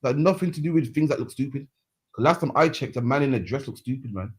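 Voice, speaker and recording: A man's voice: mid-range voice, fast, a little mellow, breathy edge. A man hosting a reaction commentary, heated and mocking, ending phrases with "man". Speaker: host. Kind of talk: street preaching reaction commentary.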